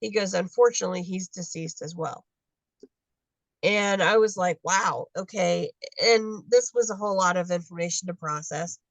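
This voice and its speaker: Woman, 50s, animated storyteller, dry close sound on a call. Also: fairly low pitch, normal speed, dry recording, poor audio. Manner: animated, acts out dialogue in quotes. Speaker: guest adoptee. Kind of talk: casual storytelling on a video call.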